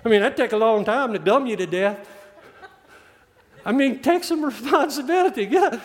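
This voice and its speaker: Male preacher, high-pitched, folksy and joking, reverberant church hall. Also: animated. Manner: folksy, joking, plain-spoken with drawn-out emphatic lines. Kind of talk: sermon.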